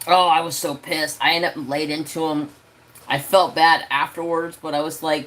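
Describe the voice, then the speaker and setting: A man hosting a crafting livestream from home, telling a story in a casual, animated way and swearing freely as he rants. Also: a little high, moderate pace. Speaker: crafting channel host.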